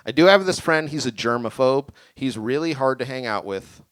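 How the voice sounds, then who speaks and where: A young man doing a stand-up set in a small venue, rambling and deadpan, a bit tipsy. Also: medium pitch, moderate pace, clear, resonant tone, no echo. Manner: deadpan, rambling, self-deprecating. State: tipsy from drinking. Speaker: stand-up comic. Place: small creative community venue with live audience.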